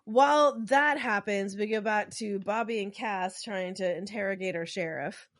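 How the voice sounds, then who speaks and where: A woman's voice: mid-range voice, normal speed, a bit bright, dry recording, clean studio sound. Chatty woman podcast co-host. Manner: enthusiastic, chatty, playful asides. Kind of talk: casual fan commentary.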